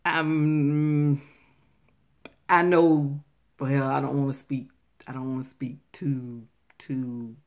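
A woman's voice: a bass voice, flat delivery, takes it slowly, pauses often. A woman giving earnest, Bible-based relationship advice to her viewers, talking to them directly and repeating phrases for emphasis. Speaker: faith-based relationship vlogger.

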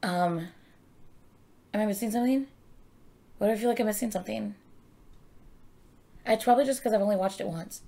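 Excitable young woman gushing and swearing. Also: medium pitch, brisk, vocal fry, pauses often. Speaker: reaction video host. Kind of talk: casual chat.

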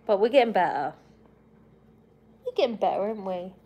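A woman's voice: mid-range voice, lively intonation, brisk, warm tone, slightly rough, highs cut off. A woman from England hosting a casual live stream, chatting and giggling with viewers and her pet bird.

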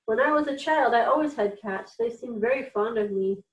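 A woman's voice: a little high, moderate pace, recorded from a distance, dull audio, close to an everyday voice. A woman reading aloud and voicing an ancient Egyptian pharaoh, a grand man who gives commands and then turns weary and wistful. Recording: echoey room, voice off-mic.

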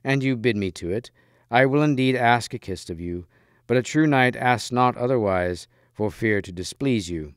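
A man's voice: medium pitch, normal speed, no room sound, studio quality, natural voice. A man reading the part of a courteous young knight who speaks in earnest, formal old-fashioned phrasing. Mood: earnest courtesy.

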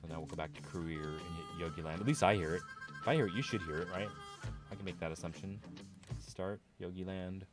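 A man's voice: steady tone, fairly quick, music in the background. A man streaming a farming game, chatting casually and thinking aloud to his viewers. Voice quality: low voice. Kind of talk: casual gameplay commentary.

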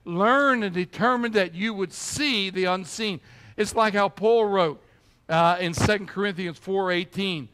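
Brief: male pastor with a high-set voice, emphatic sermon delivery that keeps asking the congregation "all right?". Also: measured pace, fairly bright tone, clean tone. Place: church.

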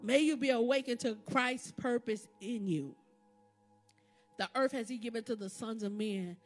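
A woman with a high voice preaches in a live church service, her cadence swelling into fervent, repetitive exhortation. Instrumental music plays clearly beneath her words. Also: normal speed. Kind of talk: sermon. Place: church sanctuary. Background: instrumental music playing under the sermon.

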